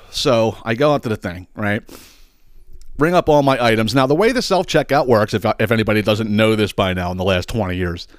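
A man's voice: lowish voice, normal speed, dry recording, clean studio sound. A man, probably in his thirties, hosting a podcast and telling a profane, exasperated story. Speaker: podcast host. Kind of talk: ranting storytelling.

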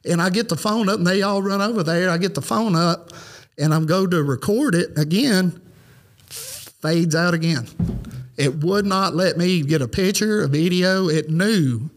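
A man's voice: high voice, moderate pace. A man, telling a personal story as a podcast guest in a rambling, earnest way. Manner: rambling, earnest, lots of "you know" fillers. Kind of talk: casual storytelling.

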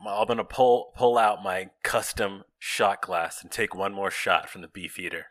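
A man playing a tabletop game, talking in an animated, chatty way. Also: sits low, moderate pace. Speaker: player. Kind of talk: casual in-character play.

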